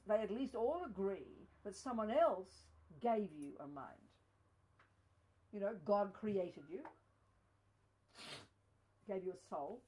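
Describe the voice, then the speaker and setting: A woman's voice: medium pitch, poor audio. Emphatic woman teaching Buddhism. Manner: emphatic, lively, dotted with "you know". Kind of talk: dharma teaching talk. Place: study group hall.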